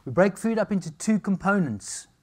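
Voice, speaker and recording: A man's voice: high-pitched, normal speed. A middle-aged man, giving a cheeky, joking lecture on nutrition to a live audience. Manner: cheeky, jokey, animated storytelling.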